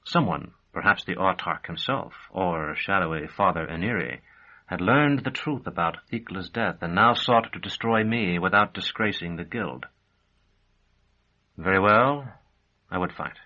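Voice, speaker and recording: A male audiobook narrator with a fairly low voice, telling the story in a measured first person. His delivery stays steady. The recording sounds dull and slightly lo-fi.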